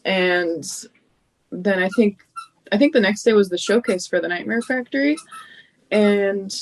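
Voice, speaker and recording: A woman's voice: medium pitch, a little slow, rough recording. A young adult woman, a podcast guest, chatting casually and telling stories with lots of laughter and acted-out quotes. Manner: bubbly storyteller, laughs often, acts out quotes. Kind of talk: casual interview chat.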